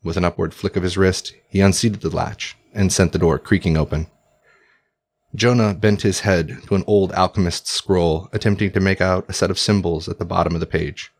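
A male narrator reading a historical tale aloud. His voice is low and deep, and his delivery is measured and formal. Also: fairly even intonation. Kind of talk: audiobook narration.

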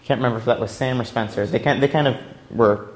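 A young man, eager and rambling, walks through how his team's robot and competition work. His pitch sits in an ordinary middle range, and his talk is casual and explanatory. He adds playful asides as he goes. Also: fairly even intonation, fast. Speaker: robotics team member.

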